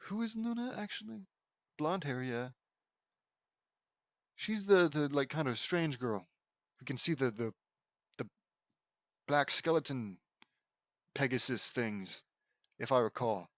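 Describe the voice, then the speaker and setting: A man's voice: mid-range voice, animated, slow, pauses often, a bit bright, no echo. A young man reading fan fiction aloud as an audiobook, breaking off often into rambling, casual asides.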